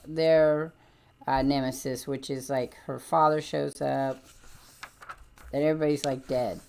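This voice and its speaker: A woman's voice: a bass voice, gravelly, darkish tone. A woman hosting a livestream, chatting casually and rambling as she jumps between points with lots of ums. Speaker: livestream host. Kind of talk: casual chat about comics.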